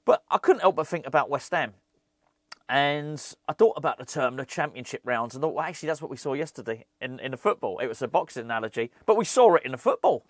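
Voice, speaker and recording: A man talking casually as a fan channel host, animated and ranting, often repeating words. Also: mid-range voice, quick pace, no echo, studio quality. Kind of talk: casual football chat.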